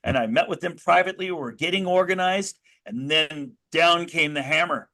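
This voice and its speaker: A man's voice: on the high side, moderate pace, bright, forceful tone. An American man speaking as an interview guest, telling his story earnestly with many restarts and rising bursts of emphasis. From United States. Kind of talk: conversational interview.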